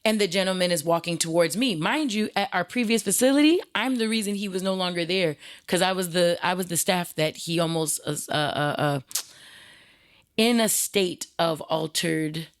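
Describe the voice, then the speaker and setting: Woman host, low voice, blunt and animated, casual storyteller with frequent restarts. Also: normal speed.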